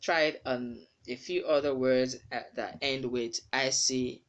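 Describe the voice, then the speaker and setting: Man teaching English pronunciation, slow and careful. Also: mid-range voice, steady tone, fairly bright tone, muffled recording. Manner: careful, repeats words slowly to model pronunciation. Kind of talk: spoken English lesson.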